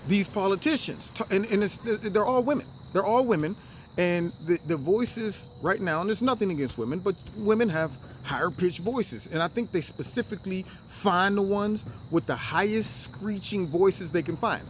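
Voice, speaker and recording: A man hosting a solo political commentary show, talking in an animated way and acting out other people with high, exaggerated voices. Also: slight background noise.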